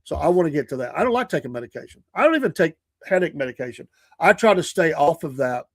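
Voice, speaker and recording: A man's voice: a little high, expressive, fast, breathy edge, no room sound. Earnest Southern man in his sixties, dry sound. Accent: Southern American. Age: 60s. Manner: rambling, earnest, with frequent restarts and chuckles. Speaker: morning show host. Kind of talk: casual livestream chat.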